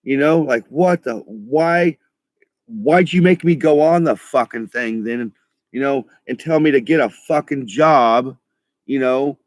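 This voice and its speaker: A man's voice: medium pitch, no room sound, studio quality. A middle-aged man rambling in a casual monologue, swearing freely and often stopping to restart his sentences. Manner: profane, halting, restarts often. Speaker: vlogger.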